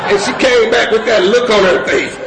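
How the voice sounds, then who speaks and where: A man's voice: fairly even intonation, normal speed. A middle-aged man from California telling a rambling, laughing personal story to a crowd, full of fillers. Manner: loose rambling storyteller, many fillers, breaks into high laughing voice. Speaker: speaker sharing recovery story. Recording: echoey room with crowd noise.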